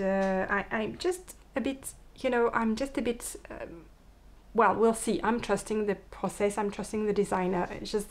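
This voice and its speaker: A woman with a French accent, a native French speaker, hosting a knitting podcast in a casual, chatty way and often restarting words and correcting herself. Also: a little high. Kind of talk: casual chat.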